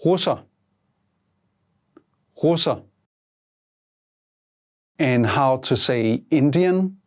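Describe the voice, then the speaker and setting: Slow, measured language-lesson voice. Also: medium pitch, lively intonation. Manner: slow, measured prompts, repeating each word twice. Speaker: language teacher.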